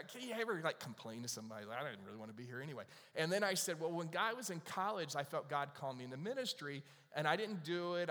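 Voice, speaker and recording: Conversational pastor preaching in a reverberant hall. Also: male voice, a little high, a bit bright. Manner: conversational storytelling preacher, asks the audience questions. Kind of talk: sermon.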